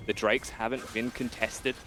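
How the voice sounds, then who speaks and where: A man casting an esports match in a mid-range voice. He walks through builds and fights in a loose, analytical, conversational way. Soft music runs behind him. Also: medium pitch, level tone, normal speed. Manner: analytical, conversational breakdown of plays. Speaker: esports caster. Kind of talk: esports commentary.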